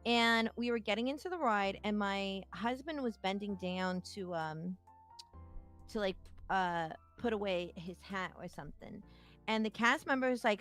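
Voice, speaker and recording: A woman's voice: mid-range voice, moderate pace, faint music behind. A young woman hosting a stream, telling a story in casual chat and acting out the people she quotes. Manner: animated storytelling, acts out quotes. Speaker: streamer host.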